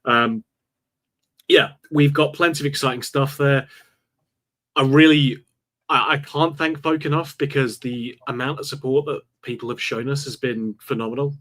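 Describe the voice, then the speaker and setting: A man's voice: mid-range voice, fairly even intonation, moderate pace, a bit bright. A man co-hosting a football podcast, talking earnestly and with strong opinions. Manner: earnest, opinionated, frustrated about the manager. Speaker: podcast co-host. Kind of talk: casual football podcast chat.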